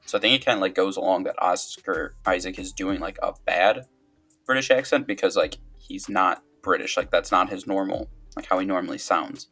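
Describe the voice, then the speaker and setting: A man's voice: sits low, a little fast, pushed and bright. A man co-hosting a podcast, talking hesitantly with many fillers as he thinks aloud. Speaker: podcast co-host. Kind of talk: casual chat.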